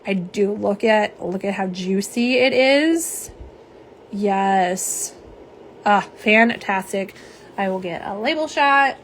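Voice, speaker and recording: A middle-aged woman runs a casual nail polish livestream from home via phone camera, reading viewers' comments aloud and chatting with them bubbly. She takes it slowly, at medium pitch, with a little hiss or hum in the audio.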